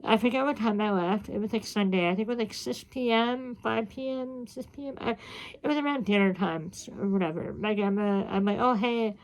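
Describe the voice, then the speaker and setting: Gravelly-voiced woman venting on camera. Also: medium pitch, fairly quick, low-quality recording. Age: 30s. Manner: rambling, frustrated, swears freely. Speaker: vlogger. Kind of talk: casual diary-style chat.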